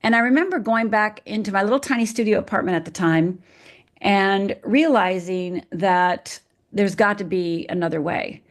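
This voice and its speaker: A middle-aged woman from Upper Michigan speaks as a podcast guest, at a medium pitch for a woman. She tells her story frankly and vividly, her pace shifting between slow and quick. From Upper Michigan, USA. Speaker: guest, fear expert. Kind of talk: personal storytelling in a podcast interview.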